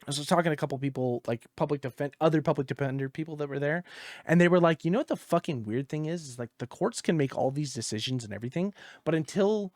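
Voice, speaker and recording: A man co-hosting a gaming podcast, telling a story in casual chat, exasperated and profane, dropping low when he quotes others. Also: fast, a little mellow, no echo, clean studio sound.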